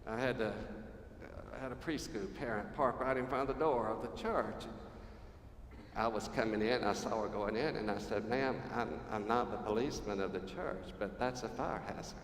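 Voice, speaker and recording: A man's voice: on the low side, normal speed, a little hiss or hum. A man preaching a sermon, conversational and humorous, putting questions to the congregation. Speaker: pastor. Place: church sanctuary. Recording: roomy church echo, long reverb.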